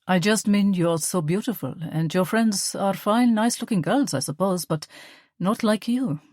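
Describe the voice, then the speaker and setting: Woman reading a smooth, controlling young German man. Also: medium pitch, normal speed, no echo, studio quality, close to an everyday voice. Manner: smooth, wheedling, with a sharp edge.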